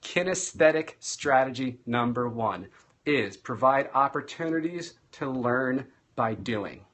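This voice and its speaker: A man who is a teacher and speaking coach, giving an energetic live-streamed teaching talk and varying his loudness and pace for emphasis. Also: medium pitch, a little slow.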